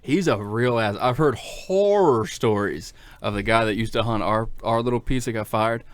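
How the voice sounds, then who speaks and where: A man's voice: medium pitch, normal speed, clean tone, dry recording. Blunt man in casual hunting chat. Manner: blunt, agreeing, joking back and forth. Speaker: hunting podcast co-host.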